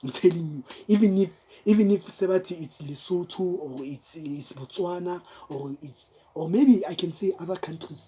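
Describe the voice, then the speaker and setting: A woman's voice: lowish voice, moderate pace, mellow, a little hiss or hum. A young South African woman with a South African accent, talking straight to her viewers in casual, emphatic commentary, repeating herself and calling them guys.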